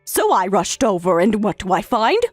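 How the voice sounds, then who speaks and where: A woman's voice: mid-range voice, sing-song, moderate pace, no echo, faint music behind. A synthetic woman's voice reading a domineering older mother-in-law who lectures and scolds. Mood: scolding. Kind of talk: text-to-speech story reading.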